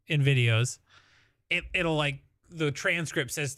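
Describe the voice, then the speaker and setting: A Midwestern man chats loosely with his stream audience, rambling and laughing, with a curse thrown in now and then. His voice sits a bit high and rings bright. The sound is close and dry, with no room echo. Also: a little slow, pauses often. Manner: rambling, laughing, swears freely. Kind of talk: casual live-stream chat.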